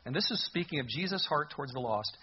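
A man preaching a sermon as a pastor, expressive and full of rhetorical questions, on a muffled lo-fi recording. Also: on the high side, fast talker, slight background noise.

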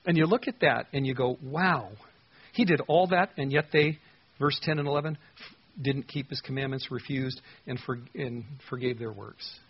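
A man's voice: medium pitch, moderate pace, breathy edge, muffled recording. A man teaching through Bible verses in a conversational, earnest way, with emphatic stresses.

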